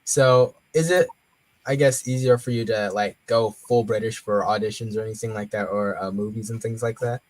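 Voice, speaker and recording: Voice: medium pitch, fairly even intonation, moderate pace, poor audio. An interviewer asking questions and giving short encouraging responses. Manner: brief encouraging backchannels. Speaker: interviewer host. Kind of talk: interview conversation.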